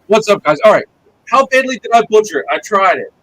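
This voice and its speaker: A man's voice: high-pitched, quick pace. A man hosting a casual live-stream chat, joking and laughing as he talks. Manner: animated, joking, lots of laughter. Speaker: podcast host.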